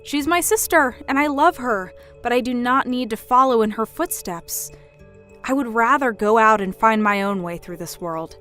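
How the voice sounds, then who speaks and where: A woman plays a young woman devoted to her work in a drama. She stays polite and steady while refusing to give in. Her voice sits a touch high, and soft music hums beneath it. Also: moderate pace. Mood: firm. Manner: polite but firm, standing her ground. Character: calm, firm young career woman.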